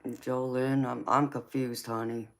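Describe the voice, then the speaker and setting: A slow-talking woman with a Southern accent from Georgia, hosting a live tarot stream. She chats easily with viewers, calling them honey and baby, and laughs often. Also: a bass voice, level tone. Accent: Southern American. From Georgia, United States.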